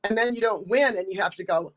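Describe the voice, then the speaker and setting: An older American actress telling stories in a casual interview, chatty and full of ums and restarts, acting out quotes. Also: female voice, mid-range voice, fast.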